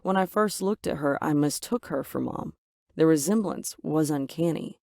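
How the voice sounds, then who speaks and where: A woman narrating a first-person story in an even, measured way, voicing the quoted lines herself. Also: low-pitched, vocal fry, no echo, studio quality.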